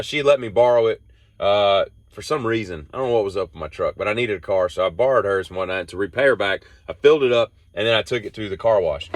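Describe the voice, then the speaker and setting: A man's voice: on the low side, a bit bright, no room sound. A man, hosting a rambling solo monologue and telling off-the-cuff stories that wander. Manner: meandering, off-the-cuff storytelling. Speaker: host.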